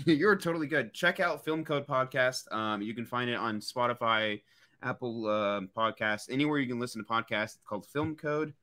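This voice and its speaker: A man's voice: medium pitch, moderate pace, sharp tone. A man guesting on a live stream, enthusiastically promoting his podcast in casual chat. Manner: enthusiastic, friendly.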